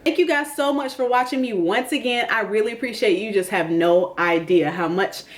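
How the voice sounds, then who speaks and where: A woman's voice: medium pitch, brisk. A woman hosting a casual comedic TV recap, sassy, calling people honey and baby and laughing often. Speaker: YouTube TV recap host.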